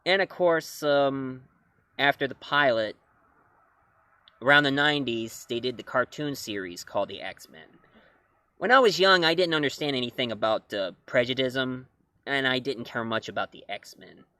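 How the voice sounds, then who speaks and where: A man chats to camera about comics and films, rambling and restarting his sentences. His voice sits at a middle pitch for a man. The sound is close and dry. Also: expressive, moderate pace, sharp tone, no echo. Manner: rambling, self-correcting, chuckling. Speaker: comics and film reviewer. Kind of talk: casual talk-to-camera review.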